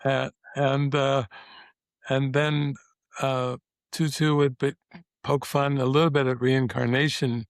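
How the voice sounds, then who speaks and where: An older man, a spiritual teacher, talking as a guest in a relaxed interview, meandering and reflective with many pauses and fillers. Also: medium pitch, no echo. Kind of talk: casual interview talk.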